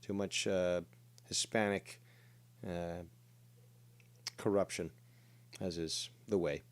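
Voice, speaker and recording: A man's voice: low-pitched, fairly even intonation, takes it slowly. A man streaming a strategy game, thinking aloud with many fillers and making crude, sarcastic remarks. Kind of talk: live gaming commentary.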